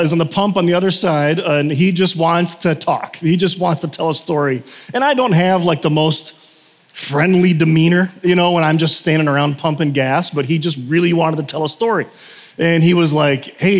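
A man in his thirties, a pastor giving a casual, conversational sermon, telling stories with many fillers and frequent laughs. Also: on the high side. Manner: chatty, storytelling, laughs often, lots of fillers. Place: church sanctuary. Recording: long hall reverb.

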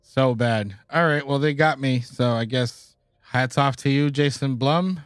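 A man hosting a podcast, running through horror news with excitable, self-mocking, foul-mouthed chatter. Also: mid-range voice, measured pace, dry recording, clean studio sound. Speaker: podcast host. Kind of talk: casual banter reading news items.

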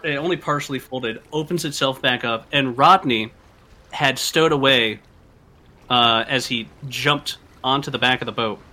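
A man narrating a tabletop game as game master, in a relaxed way with frequent fillers. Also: medium pitch.

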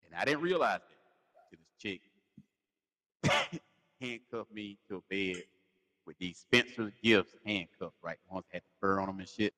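A man's voice: lowish voice, normal speed, pauses often, sharp tone, big-room sound. A man with a Southern US accent, co-hosting a podcast, telling crude stories with lots of laughter and slang. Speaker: podcast co-host. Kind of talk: casual storytelling chat.

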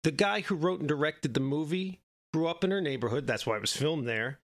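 A man's voice: a little high, animated, brisk. A man co-hosting a podcast, telling a long story in a casual, rambling way and often checking in with "right?". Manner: rambling, keeps adding "right?". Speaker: podcast co-host.

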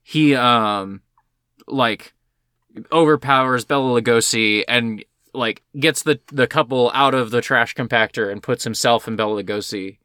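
A man co-hosting a podcast, chatting about an old film in a rambling, excited way, full of fillers. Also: medium pitch, unhurried, clear, resonant tone, no room sound, studio quality. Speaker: podcast co-host. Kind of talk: casual film discussion.

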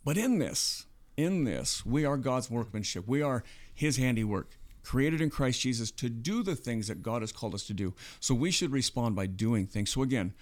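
At a normal pace, a man with an expressive, darkish, medium-pitched voice co-hosts a podcast. He talks earnestly and casually through faith, regularly checking in with a "right?"

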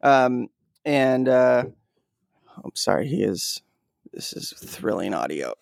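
A man's voice: mid-range voice, sing-song, slow, creaky, dry recording. Young man, casual podcast chat, rambling, laughing, dry close sound. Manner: rambling storyteller, laughs often. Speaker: podcast co-host.

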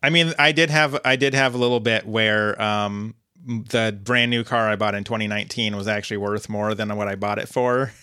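A man co-hosting a podcast, recapping a TV episode in loose, casual chat. His voice is bright and forward, recorded close and dry. He playfully acts out the characters' lines. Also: on the low side, steady tone, moderate pace, clean tone, no room sound. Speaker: podcast co-host.

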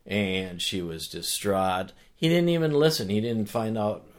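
A man talking as a guest in a casual conversation, telling a story with animated energy and earnest restarts. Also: fairly low pitch, a little slow. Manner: animated storyteller who acts out voices. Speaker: author and guest.

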